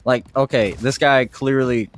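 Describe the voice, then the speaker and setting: A man's voice: medium pitch, steady tone, a little slow. A man co-hosting a casual podcast, telling a profane story and acting out what everyone said. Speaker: podcast co-host.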